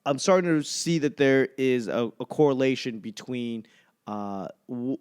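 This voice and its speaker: Brief: Boston man in his thirties, comedy podcast host, smooth and clear, rambling and swearing freely. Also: mid-range voice. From Boston area. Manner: rambling and profane, with self-mocking asides. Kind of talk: casual comedic monologue.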